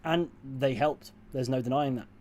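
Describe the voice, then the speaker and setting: Young british guy streaming, chatting w viewers, swears a lot, dry jokes, mellow low-key tone. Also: moderate pace, slight background noise. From United Kingdom. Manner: blunt and sweary, with dry asides. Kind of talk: casual livestream chat, answering viewers.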